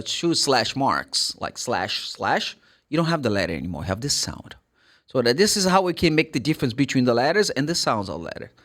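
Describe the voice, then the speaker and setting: A man's voice: medium pitch, fairly bright tone. A man with a Brazilian Portuguese accent teaching English pronunciation in a chatty, jokey way, repeating phrases and laughing at himself. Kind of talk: casual online pronunciation lesson.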